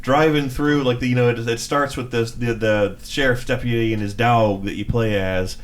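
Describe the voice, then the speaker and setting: Man from Maryland co-hosting a podcast; casual and halting, often restarts his sentences. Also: medium pitch, fairly even intonation. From Maryland, USA. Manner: rambling, halting, with many restarts. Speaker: podcast co-host. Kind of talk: casual chat.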